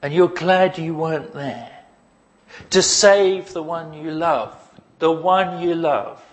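A man with a fairly high voice preaches slowly to his congregation. His sermon is animated, full of rhetorical questions and humorous asides.

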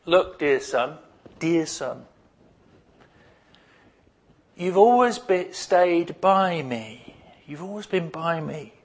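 A man voicing a loving father who gently pleads with his older son, with tender, earnest reassurance. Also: a little high, animated, slow pace, heavily acted. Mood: tender pleading.

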